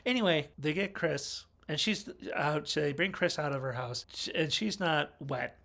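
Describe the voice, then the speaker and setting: A man with a slightly high, gravelly voice talks through a film in a loose, chatty review. He wanders, corrects himself mid-sentence and tosses in dry little asides. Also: normal speed, a bit bright. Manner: rambling, chatty, wry asides and self-corrections. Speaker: movie reviewer. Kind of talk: casual film review monologue.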